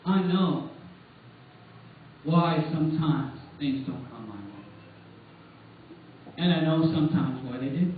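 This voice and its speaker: Church preacher, male, emphatic sermon delivery that climbs to near shouts; echoing hall, faint hiss behind. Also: on the high side, slow, long pauses. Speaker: preacher giving testimony. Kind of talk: sermon testimony. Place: church sanctuary. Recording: tinny distant church recording.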